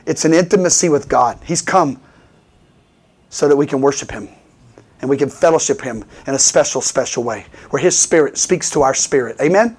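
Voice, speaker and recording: Fervent preacher man, fairly high voice. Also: normal speed, husky. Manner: animated, fervent, repeatedly asks for "Amen". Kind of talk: sermon with call-and-response.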